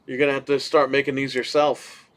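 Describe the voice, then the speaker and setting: A man co-hosting a casual podcast, telling a story in an animated way, swearing casually and acting out what people said. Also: mid-range voice, a little fast. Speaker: podcast co-host.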